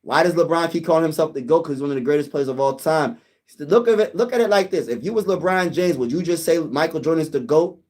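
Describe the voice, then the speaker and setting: Casting note: young male livestream host, a little high-voiced, excitable and chatty, chats with his viewers. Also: quick pace. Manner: excitable, talks to viewers as "y'all", sings snippets. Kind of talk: casual live chat reading comments.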